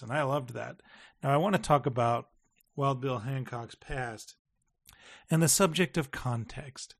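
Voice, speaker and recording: A man's voice: medium pitch, vocal fry, fairly bright tone. A man hosting a casual review chat, enthusiastic and emotional, joking about his age. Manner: enthusiastic, emotional, self-deprecating.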